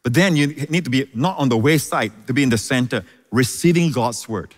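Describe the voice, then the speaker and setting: Male pastor, mid-pitched voice, emphatic sermon with repeated phrases, long reverb of a large hall. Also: expressive, brisk. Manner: emphatic preaching, repeats key phrases, calls out "Hallelujah".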